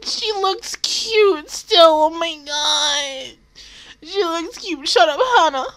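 A young woman giving casual, excitable reaction commentary, swearing freely and laughing often. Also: extremely high pitch, takes it slowly. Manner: excitable, profane, laughs often, loud exclamations. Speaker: anime reaction video host.

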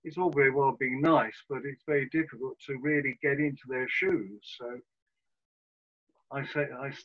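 A man speaking on a panel in a measured, plain-spoken way. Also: mid-range voice, fairly even intonation. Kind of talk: discussion on an online call. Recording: muffled call audio.

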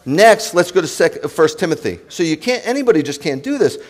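A man, a rabbi preaching to his congregation in an animated, joking way and speaking straight to the listeners. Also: on the high side, brisk. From New York. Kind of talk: sermon.

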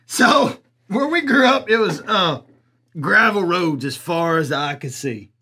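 A man doing a loud crude redneck. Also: high voice, lively intonation, unhurried, husky, full character voice. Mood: crude storytelling. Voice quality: drawling, coarse, laughs at own jokes. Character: crude rural Southern man, blunt, loud-mouthed. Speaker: comic commentator persona. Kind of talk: improvised comedy character.

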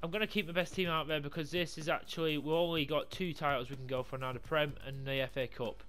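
A young man commentating his football video game career mode, swearing a lot, yelling when things go wrong and talking things through quietly in between. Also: fairly high pitch, fast talker, clear, resonant tone, faint music behind. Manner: swears a lot, yells in frustration, mutters calmly between games. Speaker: gaming YouTuber. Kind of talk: live gameplay commentary.

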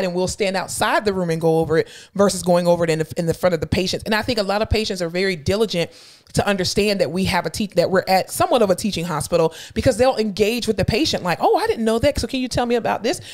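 A woman in her thirties co-hosts a casual podcast and talks at a quick clip. She is blunt and emphatic and swears freely as she tells workplace stories, at an even middle pitch. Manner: blunt, fast-talking storyteller, profane and emphatic. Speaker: podcast co-host and clinical instructor.

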